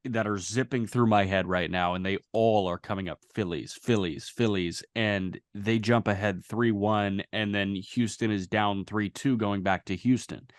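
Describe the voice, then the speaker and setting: A man's voice: lowish voice, steady tone, normal speed, few pauses, dry recording. A man co-hosting a casual sports podcast, talking loosely and sarcastically, swearing freely on a close mic. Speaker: podcast co-host.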